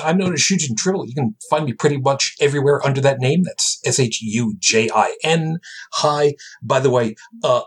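A man's voice: medium pitch, husky. A man hosting a live podcast, talking in a rambling, jokey way. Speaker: host. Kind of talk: casual live podcast chat.

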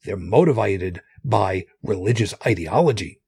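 Husky-voiced man ranting casually. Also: fairly low pitch, expressive, moderate pace, mellow, no echo, clean studio sound. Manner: rambling, profane, many restarts. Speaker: podcast co-host. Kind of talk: casual chat.

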